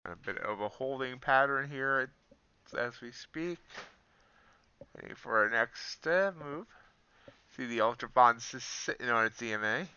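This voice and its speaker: A man's voice: mid-range voice, unhurried, long pauses, pushed and bright, clean tone, dry recording, lo-fi sound. A man hosting a trading livestream, reading out the day's schedule and chatting in an easygoing, self-deprecating way. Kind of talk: casual livestream chat.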